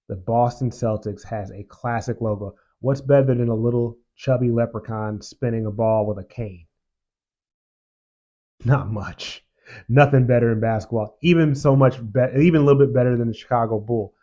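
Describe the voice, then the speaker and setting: An opinionated man talks through his picks in a casual, emphatic host style, often repeating himself to drive a point home. His voice sits at an ordinary pitch for a man. The audio is a bit muffled and lo-fi. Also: mellow. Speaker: show host.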